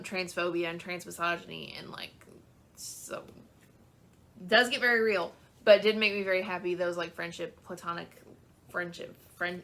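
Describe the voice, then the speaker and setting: A woman's voice: lowish voice, pushed and bright. A young woman talking about books in a casual video, chatty and gushing, with lots of "um" and "like". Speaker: book vlogger. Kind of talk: casual chat.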